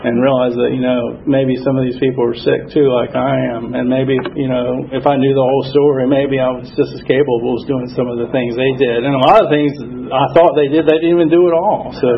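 A man telling his personal recovery story at a support meeting, in a halting, earnest way with many fillers. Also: medium pitch, flat delivery, gravelly. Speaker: AA speaker sharing his story. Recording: dull lo-fi recording with faint noise.

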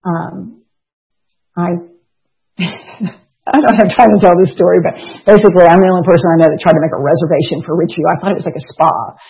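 A woman tells her recovery story to a group with wry, self-mocking candor. Her voice is slightly husky, and the recording sounds dull and lo-fi. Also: lowish voice, fairly even intonation, a little fast, long pauses. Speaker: speaker sharing a recovery story. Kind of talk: personal testimony talk.

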